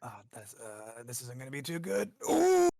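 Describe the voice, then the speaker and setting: A man playing a tabletop game, speaking with halting, stammering starts. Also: mid-range voice, animated, gravelly, no echo, clean studio sound. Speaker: tabletop player. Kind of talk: casual game chat.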